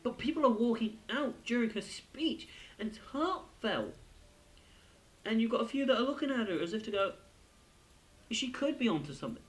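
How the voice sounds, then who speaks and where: A young man hosting his own channel, giving an excitable, rambling review of a TV episode with many fillers and restarts. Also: very high-pitched, normal speed, rough recording. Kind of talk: casual spoken review.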